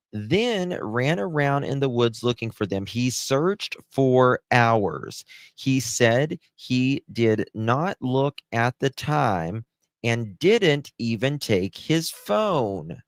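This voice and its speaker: Man ranting about a case, cussing a lot, slow and dry sound, pitch jumping all over. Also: very animated, dry recording. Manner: profane, ranting, sarcastic. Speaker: true crime commentator. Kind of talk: angry commentary reading documents.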